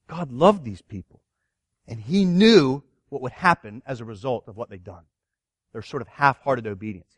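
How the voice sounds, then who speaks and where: A man's voice: medium pitch, no echo, studio quality. A man preaching a sermon, reading scripture and asking his listeners earnest rhetorical questions. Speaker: pastor.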